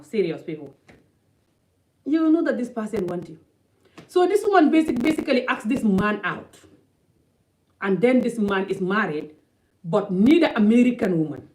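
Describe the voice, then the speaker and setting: A woman from Africa speaks straight to camera in an opinionated vlog. Her voice is fairly high, and her delivery is blunt and emphatic, with points repeated for stress. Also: low-quality recording. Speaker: vlogger.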